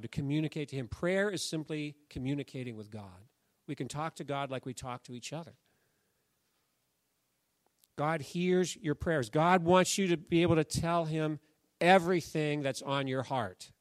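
A man preaching a sermon in a conversational way, telling the story with lively bursts and then dropping to a soft, hushed voice. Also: on the high side, unhurried, dry recording, studio quality. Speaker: pastor.

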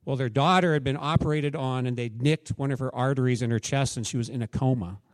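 A man's voice: medium pitch, fast, no echo. A man preaching a sermon as pastor, candid and conversational, telling stories and acting out quotes.

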